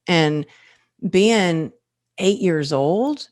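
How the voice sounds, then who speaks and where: A woman hosting a podcast interview, with a notably low voice. She talks earnestly and reflectively, in a personal way. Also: expressive, unhurried. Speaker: podcast host. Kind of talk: conversational interview.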